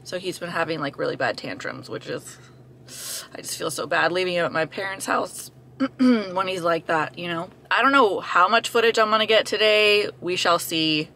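A woman's voice: lowish voice, normal speed, sharp tone, slight background noise. A woman in her thirties vlogging casually while moving house, chatty, out of breath and laughing often. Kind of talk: casual vlog chat.

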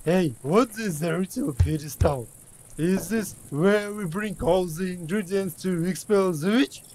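A man's voice: high voice, a little slow, a little mellow, a little hiss or hum, low-quality recording. An actor playing a grumpy, crude, foul-mouthed man in game dialogue, swearing as he grumbles. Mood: grumbling.

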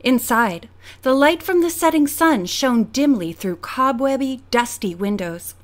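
A woman's voice: high-pitched, a little slow. Woman reading an audiobook aloud. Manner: expressive, character voices. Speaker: audiobook narrator.

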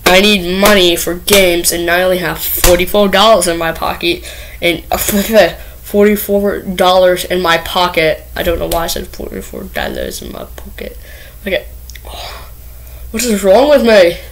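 A woman's voice: on the low side, animated, moderate pace, gravelly, a bit bright, rough recording. A woman vlogging to camera, nervous and rambling, with lots of filler words and restarts. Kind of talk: casual first vlog to camera.

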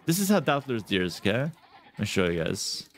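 A man's voice: on the low side, big pitch swings, moderate pace. A man giving casual, playful commentary while playing a strategy game, talking to his viewers and repeating words as he thinks. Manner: playful, chatty, addresses viewers as guys. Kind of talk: casual live gameplay commentary.

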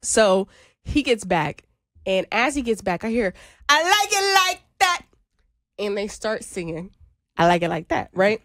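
A woman co-hosting a podcast tells a story in casual chat, animated and laughing often as she goes. Her voice is mid-range at a normal speed, recorded with clean studio sound and no room sound.

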